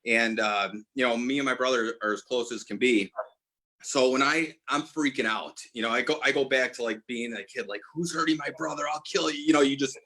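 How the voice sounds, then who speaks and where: A man's voice: medium pitch, normal speed, bright, forceful tone. A man in his forties telling a personal story as a podcast guest, earnest, often restarting and correcting himself. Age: 40s. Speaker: guest, apparel brand owner.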